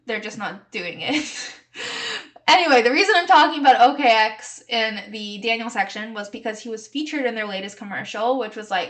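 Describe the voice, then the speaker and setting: A young woman with a slightly high voice hosts her own podcast in loose, casual chat. She rambles cheerfully through snarky hot takes, giggling now and then and peppering her talk with "like" and "um.". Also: a bit bright. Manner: chatty and giggly, heavy use of "like" and "um". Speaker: podcast host.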